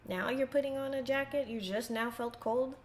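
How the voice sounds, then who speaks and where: A woman's voice: high voice, moderate pace. A woman hosting a reaction video, talking back to the clip with exasperated, sarcastic commentary.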